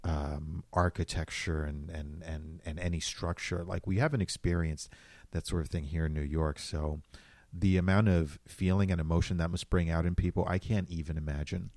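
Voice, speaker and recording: Male co-host, low voice, thoughtful and sincere, dry close mic. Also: steady tone, normal speed, darkish tone, no echo. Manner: earnest and reflective, often laughing. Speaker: podcast co-host. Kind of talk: casual chat.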